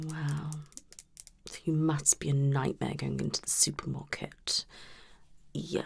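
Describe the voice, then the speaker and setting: Whispered role-play: woman as a tactless, flirty psychologist, low and gravelly, unhurried. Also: slight background noise. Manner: soft whispering, blunt tactless remarks. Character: unprofessional female psychologist, blunt and flirty. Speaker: ASMR creator.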